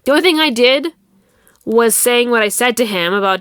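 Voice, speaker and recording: A woman's voice: a little high, lively intonation, moderate pace, a bit bright, smooth, no echo, clean studio sound. A young adult woman hosting a podcast, retelling a personal drama in a heated, profane, indignant way. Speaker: podcast host. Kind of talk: casual storytelling monologue.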